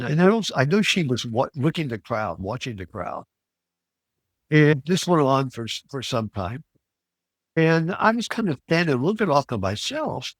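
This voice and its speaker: An older man telling a personal story in a loose, rambling way. He hesitates often and restarts his sentences. His voice sits at a medium pitch and sounds dry and close, with no room around it. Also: dry recording. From Missouri, USA. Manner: rambling, halting with many fillers and restarts. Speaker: private investigator podcast host. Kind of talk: casual storytelling.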